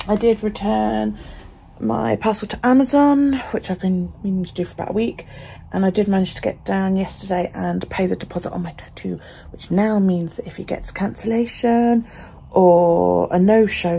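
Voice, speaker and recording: Woman vlogger, gravelly and blunt, swears freely while venting, faint background noise. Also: medium pitch, mellow. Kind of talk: casual vlog monologue.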